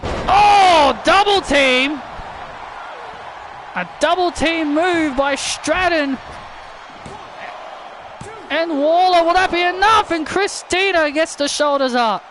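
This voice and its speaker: A man calling a video game wrestling match as excited play-by-play commentary, often shouting and stumbling over his words. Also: extremely high pitch, takes it slowly, pauses often, background noise. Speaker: wrestling commentator and channel host.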